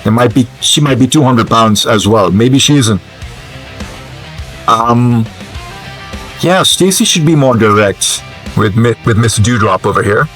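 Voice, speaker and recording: A man narrating his gameplay in a casual, wandering way, pausing often with ums and uhs. His voice is mid-pitched, with faint game music underneath. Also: animated, a bit bright. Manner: hesitant, musing, many fillers. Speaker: gamer commentator.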